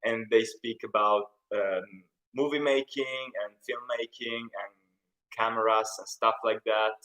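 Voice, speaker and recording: A young man from Italy, speaking with an Italian accent, hosts a casual YouTube live stream Q&A, rambling on and reading out what people write in the chat. The audio is poor, and his fairly low voice is bright and forceful, steady in tone and measured in pace.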